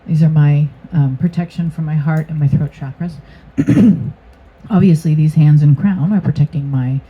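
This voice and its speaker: A woman's voice: deep voice, moderate pace, husky. A woman giving a casual tarot reading to her channel, rambling and hesitant with many fillers. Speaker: tarot reader. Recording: tinny phone-like sound.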